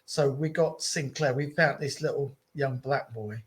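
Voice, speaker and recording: A middle-aged man telling stories in a casual podcast chat, animated and repeating his phrases. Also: mid-range voice, a little slow. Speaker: guest telling his story. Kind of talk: casual storytelling.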